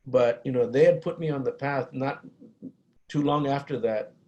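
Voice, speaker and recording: A middle-aged man with a Chicano East Los Angeles accent, telling a personal story in a talk, earnest and halting, with many restarts and Spanish phrases. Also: medium pitch, darkish tone, lo-fi sound. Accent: Chicano English from East Los Angeles. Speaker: guest speaker on violence prevention.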